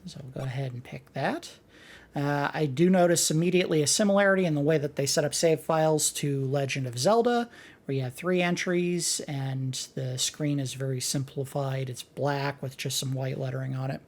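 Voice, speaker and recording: A woman's voice: low voice, normal speed, a little mellow. A woman hosting a let's play, commenting on an old game with joking, sarcastic asides. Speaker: host. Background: game music.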